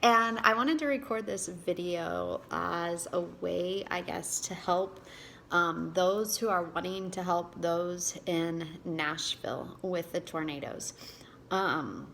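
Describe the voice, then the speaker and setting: A woman in her forties from Indiana, an author who records a personal video and reads aloud from her book, emotional and halting at times. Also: on the low side, creaky, a bit bright, a little hiss or hum. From Indiana, USA. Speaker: author and giving speaker.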